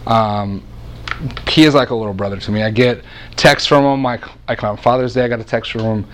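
A man in his thirties preaching a sermon as a lively, joking storyteller who often restarts his sentences. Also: mid-range voice, fairly quick.

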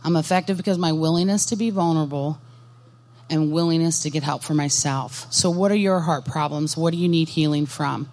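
Brief: woman, lowish voice, earnest and direct workshop speaker who questions the room. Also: a little fast, a little mellow. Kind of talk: Christian ministry workshop talk. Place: conference workshop session.

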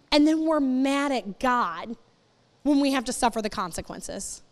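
A woman's voice: lively intonation, unhurried. A woman giving a casual, emphatic sermon to a youth group, repeating points and acting out quotes. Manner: emphatic, repeats herself, acts out quotes in high voices. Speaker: youth ministry speaker. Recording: echoey hall.

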